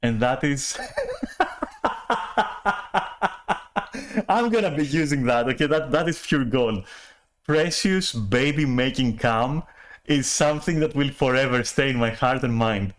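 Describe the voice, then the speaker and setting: A man's voice: medium pitch, expressive, a little fast, few pauses. A man talking in a casual rambling monologue, often apologizing, laughing and swearing as he restarts his sentences. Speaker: channel host.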